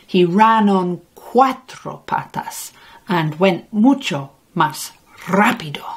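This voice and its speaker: A woman narrating a children's storybook in a gentle, expressive read-aloud manner, dropping Spanish words into English sentences. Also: medium pitch, husky. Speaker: audiobook narrator.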